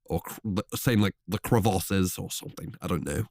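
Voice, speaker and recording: A man's voice: deep voice, moderate pace, gravelly, a little mellow, no echo, studio quality. A man putting on a playful Australian-sounding accent as a joke, unsure whether it comes out British or Australian. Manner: joking, unsure of his own accent.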